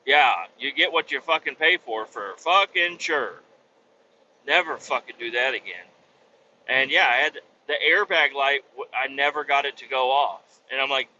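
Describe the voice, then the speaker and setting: Man, slightly high bright voice, profane ranting storyteller, lo-fi recording. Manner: heavy swearing, exasperated retelling. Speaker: podcast host. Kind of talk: casual storytelling rant. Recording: dull lo-fi audio with faint noise.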